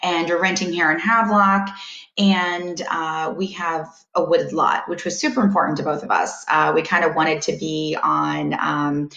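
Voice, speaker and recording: Woman host, live home vlog, low voice, chatty and rambling, roomy echo. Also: flat delivery, normal speed, creaky, pushed and bright, dull audio. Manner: chatty, rambling, laughs easily. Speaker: host of a daily live video. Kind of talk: casual live vlog chat.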